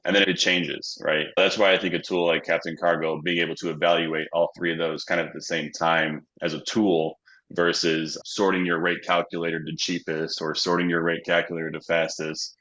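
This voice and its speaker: A man with a very deep, flat voice speaks on a webinar panel in a matter-of-fact way. His tone is bright despite the low pitch. The audio is slightly dull. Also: moderate pace.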